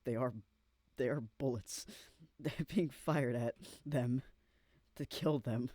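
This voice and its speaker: A man's voice: mid-range voice, slow pace, dark tone, no echo. Young man reading aloud, casual and slangy. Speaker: vlogger.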